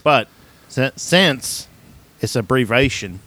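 A man's voice: medium pitch, lively intonation, takes it slowly, pushed and bright. A man co-hosting a podcast in casual chat, rambling and joking, laughing often as he talks. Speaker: podcast co-host.

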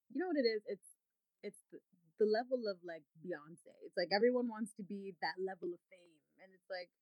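A woman's voice: medium pitch, no echo, low-quality recording. A woman gospel singer in a casual chat, laughing often and teasing playfully.

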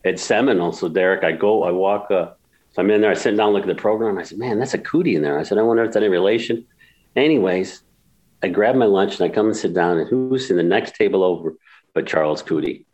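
A man's voice: low-pitched, fast talker, a little mellow, rough recording. A man in his sixties from upstate New York, telling emotional stories in an interview with many restarts and repeats. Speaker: golf course builder, guest. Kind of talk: storytelling interview.

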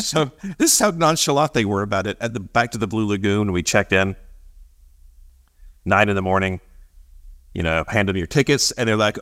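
Low-voiced man telling a lively travel story. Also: moderate pace, pauses often. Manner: animated, acts out quoted voices, laughs often. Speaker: podcast co-host. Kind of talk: casual storytelling chat.

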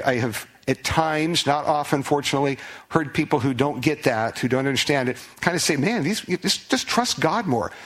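A man's voice: medium pitch, a bit bright. A man preaching a sermon as pastor, earnest, often repeating words as he restarts.

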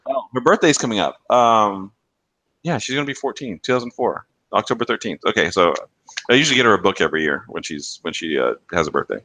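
A man's voice: on the low side, animated, fast, sharp tone, dry recording. A man co-hosting a casual podcast, rambling through stories, laughing and swearing. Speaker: podcast co-host. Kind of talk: casual chat.

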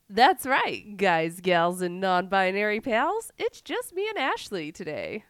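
A woman co-hosting a podcast in casual chat, raspy from a cold, with joking asides. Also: mid-range voice, sing-song, measured pace, fairly bright tone, dry recording. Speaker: podcast co-host.

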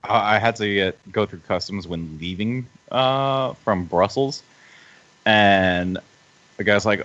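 A man's voice: fairly low pitch, slow, a bit bright, muffled recording. A man chatting as a podcast guest, telling travel stories in a hesitant, rambling way with laughs along the way. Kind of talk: casual chat.

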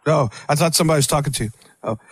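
High-voiced man telling stories. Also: very fast, husky, no room sound. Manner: rambling storyteller with many restarts. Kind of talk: casual wrestling interview talk.

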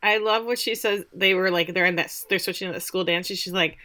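A woman's voice: fairly low pitch, fairly even intonation, fairly quick, bright, forceful tone. A woman co-hosting a podcast, chatting and joking about a show. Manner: joking and conversational. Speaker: podcast co-host. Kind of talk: casual chat.

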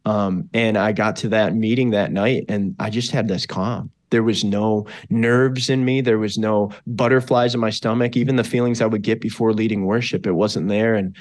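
A man from western New York, a pastor talking as a podcast guest, telling his personal testimony in an earnest, animated way, with many fillers and restarts. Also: lowish voice, moderate pace, hardly any pauses.

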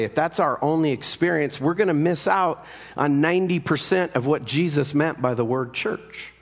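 Pastor preaching in a reverberant hall. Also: male voice, a little high. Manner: conversational, repeats words as he restarts. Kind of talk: sermon.

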